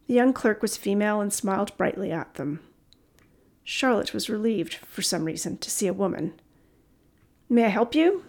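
A woman narrates a chapter of a story in a steady, expressive reading voice. Her pitch sits in the middle range, with a noticeable gravelly fry at the ends of phrases. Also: normal speed. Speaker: audiobook narrator.

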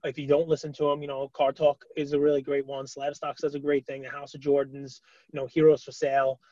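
A man co-hosting a podcast, chatting casually with lots of fillers and animated retelling. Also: mid-range voice, brisk, dry recording, lo-fi sound. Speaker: podcast co-host. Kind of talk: casual chat.

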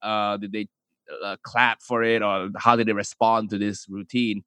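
A man's voice: lowish voice, flat delivery, moderate pace, fairly bright tone, smooth, no echo. A man from Malaysia, a comedian answering interview questions casually, often hesitating and restarting his sentences. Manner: hesitant, many restarts and fillers. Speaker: comedian and YouTuber guest.

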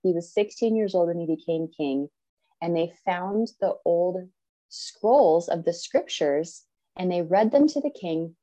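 A woman in her thirties, a podcast guest, telling a personal story in an earnest, animated way and acting out what people said. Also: fairly low pitch, a little slow, poor audio. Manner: earnest, animated, acts out quoted speech.

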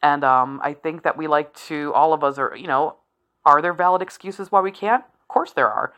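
A woman in her forties with a low voice that still has a bright, forceful edge. She talks frankly and swears freely, rambling through asides with a laugh here and there. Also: normal speed. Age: 40s. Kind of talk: candid solo talk.

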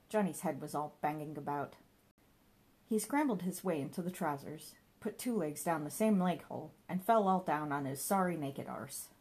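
A woman's voice: deep voice, expressive, moderate pace, darkish tone, breathy edge. A woman narrating a comic novel in a wry storytelling manner. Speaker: audiobook narrator.

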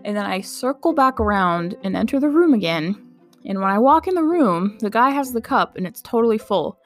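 A woman's voice: mid-range voice, animated, a little fast, faint music behind. A young woman who works in a medical clinic tells a casual personal anecdote, chatty and incredulous, saying "like" often and laughing through it.

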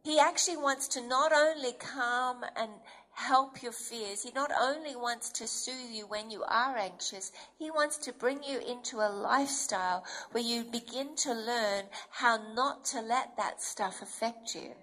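A woman's voice: on the high side, measured pace, few pauses, bright, forceful tone. A woman preacher giving an earnest, emphatic sermon and acting out inner voices as she goes.

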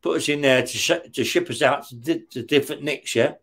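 A man's voice: medium pitch, brisk, fairly bright tone. A middle-aged man telling stories in an interview, swearing constantly, laughing as he goes and checking in with "yeah?". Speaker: interview guest, former career criminal. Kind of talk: storytelling in an interview.

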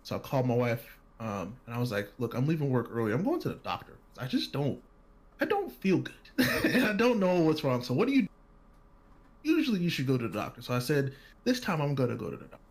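A man casually telling a personal story on a podcast, animated, acting out other people's lines and laughing often. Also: mid-range voice, a little fast.

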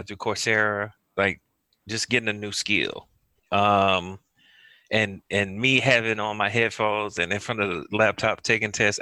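Casting: lively father-type man, low but bright, punchy voice, dry close sound, casual chat. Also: clear, resonant tone, dry recording. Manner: animated, laughing storyteller. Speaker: podcast co-host.

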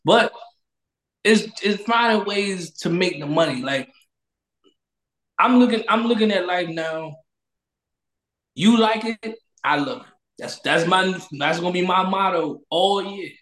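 Male host, casual chat, high voice, repeats catchphrases, echoey room. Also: a little slow, long pauses, a bit bright. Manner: loose, preachy, repeats catchphrases. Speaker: podcast host.

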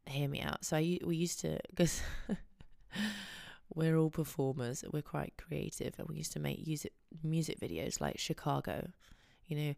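Woman podcast host, young adult, deep gravelly voice, dry close sound, chatty and giggly. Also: moderate pace, a little mellow, no echo. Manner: chatty, giggly, rambling storytelling. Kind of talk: casual chat.

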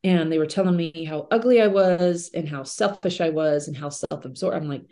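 A middle-aged woman with a mellow, warm voice, sitting a touch low in pitch, shares personal stories as a podcast guest. She talks earnestly and conversationally, leaning on everyday fillers as she reflects. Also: normal speed.

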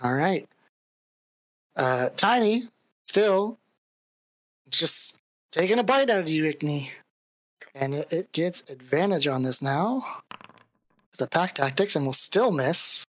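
A woman's voice: deep voice, expressive, takes it slowly, long pauses, no room sound. A woman narrating a live tabletop game as dungeon master, in a casual, easygoing way. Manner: casual, laughing, describes the action plainly.

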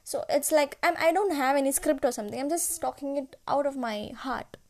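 A woman's voice: high voice, brisk, darkish tone. A woman in her twenties who is not a native English speaker, talking unscripted on her own podcast, searching for words and full of fillers. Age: 20s. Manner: rambling, searching for words, frequent laughs and fillers. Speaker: podcast host. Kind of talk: unscripted solo podcast intro. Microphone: podcast app recording.

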